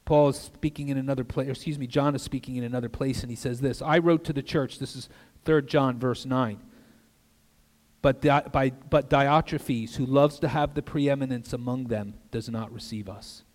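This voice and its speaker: An older man preaching an earnest sermon as a guest pastor in a church, with conversational asides and soft drops for emphasis. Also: mid-range voice, fairly even intonation, normal speed. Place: church sanctuary. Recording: long reverb of a church hall.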